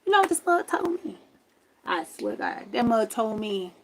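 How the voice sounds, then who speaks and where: A woman hosting a livestream, telling a story to her viewers in a loud, profane, exasperated rant from her camper. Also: on the high side, big pitch swings, moderate pace, poor audio. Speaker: livestream host.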